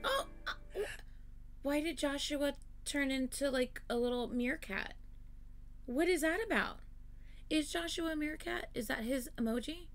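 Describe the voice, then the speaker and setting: A woman reacting to music videos in casual commentary, effusive and exclamatory, swinging from loud gushing to quiet murmurs. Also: sits high, moderate pace.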